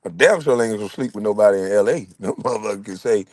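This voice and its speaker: A middle-aged man with a low voice talks at a quick pace, reacting to chat with animated, profane, funny stories and frequent laughter. There's no room sound.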